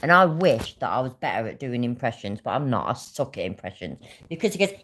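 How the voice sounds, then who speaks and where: A woman's voice: rumbling low, sing-song, fairly quick, hardly any pauses, fairly bright tone. A woman hosting a livestream, ranting angrily with a lot of swearing about being scammed. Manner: angry, swearing, vexed. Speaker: livestream host. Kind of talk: casual livestream rant.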